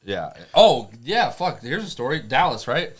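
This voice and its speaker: A man's voice: mid-range voice, very animated, measured pace, slightly rough. A man telling old tattoo shop stories in a casual chat, laid-back and profane, tossing in "right?" often. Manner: laid-back, profane, tosses in tag questions. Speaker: tattoo artist.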